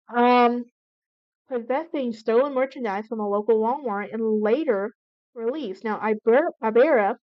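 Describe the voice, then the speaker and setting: Higher-pitched woman recapping a true crime case. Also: dry recording. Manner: reads from notes with frequent restarts and self-corrections. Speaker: true crime channel host. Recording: dull lo-fi, dry recording.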